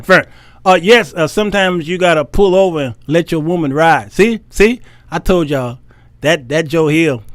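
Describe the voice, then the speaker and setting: A man's voice: on the high side, no room sound. A man hosting a faith-based talk show, joking and laughing often with a preacher-like cadence. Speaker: host.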